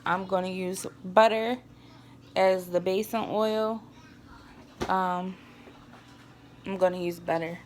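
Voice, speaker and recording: A woman's voice: mid-range voice, fairly even intonation, slow, long pauses, darkish tone, slight background noise. A young woman chatting to viewers in a casual home cooking vlog, sighing now and then and fighting back tears, recorded on a camera on a tripod in her kitchen. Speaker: vlogger.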